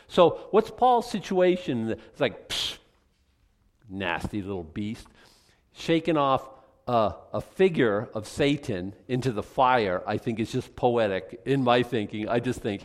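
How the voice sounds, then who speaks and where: A man's voice: mid-range voice, lively intonation, measured pace. A male pastor preaching a sermon in a conversational, joking, rambling way.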